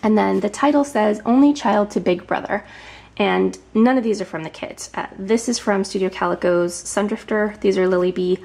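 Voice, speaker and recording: Woman in her thirties, a touch breathless, chatty crafting vlogger voice with ums and soft asides, mid pitch. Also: moderate pace, vocal fry. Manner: chatty, with frequent ums and some whispered asides. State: slightly out of breath. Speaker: scrapbooking vlogger. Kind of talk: casual show-and-tell narration.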